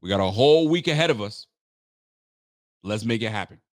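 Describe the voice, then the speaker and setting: A man's voice: on the low side, lively intonation, brisk, no room sound, clean studio sound. A tired man hosting a live post-game reaction stream for a fan channel, hyped and rambling, trash-talking the rivals. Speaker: sports fan channel host.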